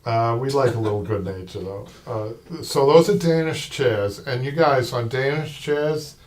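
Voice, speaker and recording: A man's voice: medium pitch, unhurried. A man with a Boston accent hosting a live upholstery show. He rambles and restarts in casual talk. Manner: rambling, with many restarts and asides. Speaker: upholstery shop owner and show host. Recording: distant mic with faint noise.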